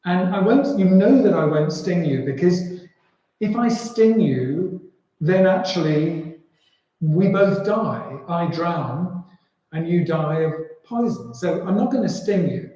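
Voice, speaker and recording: A man's voice: high-pitched, expressive, slow pace, warm tone. A man voicing a wily male scorpion who pleads and makes coaxing promises. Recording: very echoey room.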